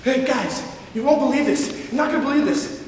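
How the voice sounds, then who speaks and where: A young man voicing an excited twelve-year-old boy who is out of breath and stammers with urgency, performed live in an echoey hall. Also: extremely high pitch, normal speed, distant mic, slight background noise, voice pushed up.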